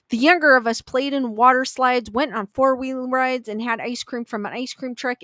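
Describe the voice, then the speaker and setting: A woman's voice: on the high side, fairly bright tone, no room sound. A woman reading online ghost stories aloud in a casual, chatty way, with little asides. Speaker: story reader.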